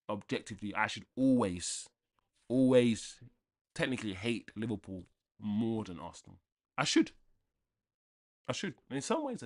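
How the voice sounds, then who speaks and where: A man's voice: medium pitch, fairly bright tone. A young man hosting a live football watchalong, chatting casually and giving blunt opinions while answering viewers. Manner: casual, opinionated, reads out chat and talks back. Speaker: watchalong host.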